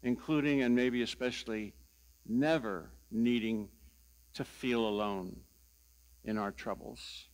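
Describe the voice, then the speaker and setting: Slow, wry older pastor preaching. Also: male voice, mid-range voice, fairly even intonation. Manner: slow, deliberate storytelling with wry humor. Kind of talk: sermon.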